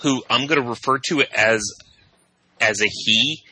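A male podcast co-host rambles and jokes in easy conversation. His voice is very bright and a little husky. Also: medium pitch, measured pace, low-quality recording. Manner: joking, rambling with restarts. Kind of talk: casual chat.

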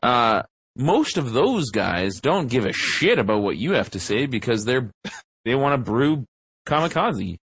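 A young man co-hosting a casual podcast, ranting in an animated, profane way. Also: mid-range voice, a little slow, slightly rough, no echo. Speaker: podcast co-host.

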